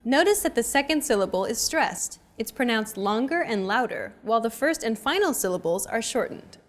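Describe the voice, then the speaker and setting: A woman's voice: a little high, lively intonation, moderate pace. A woman hosting a language lesson, giving scripted, encouraging explanations in an upbeat way.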